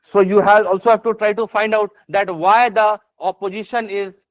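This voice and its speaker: Man, Indian English accent, teacher, high voice, dry dull recording. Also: fairly even intonation, normal speed, dry recording. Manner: repeats "yes or no?" and "is this part clear?" checks; many fillers and restarts, emphatic. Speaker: essay strategy teacher. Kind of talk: classroom lecture. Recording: dry, slightly dull lo-fi sound.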